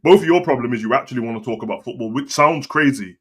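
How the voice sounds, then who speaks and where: Fast-talking man, animated. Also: mid-range voice, husky. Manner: animated, slangy, repeats himself. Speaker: co-host. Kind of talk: casual podcast chat.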